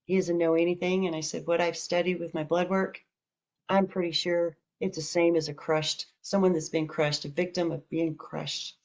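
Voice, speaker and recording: A woman's voice: fairly low pitch, normal speed. A woman telling a personal story in a casual, candid way, acting out what people said to her. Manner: candid, animated retelling with quoted dialogue. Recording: dull lo-fi audio.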